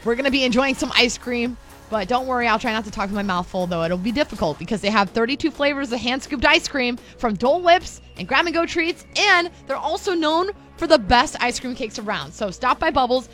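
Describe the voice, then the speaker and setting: A woman's voice: a little high, expressive, brisk, fairly bright tone. Chatty woman radio host over music. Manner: chatty, upbeat, playful. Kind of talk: live radio ad read. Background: music bed.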